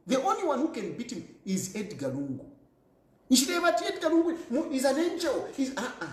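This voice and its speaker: A man's voice: high voice, wildly swooping pitch, a little fast, reverberant. A man with a Zambian accent giving emphatic political commentary, repeating his points and laughing often. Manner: emphatic, repetitive, mixes English and Bemba, laughs often.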